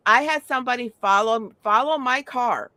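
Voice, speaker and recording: A woman's voice: on the high side, moderate pace, pushed and bright, no room sound. A middle-aged woman talking in a casual chat, telling stories bluntly and animatedly, with frequent swearing.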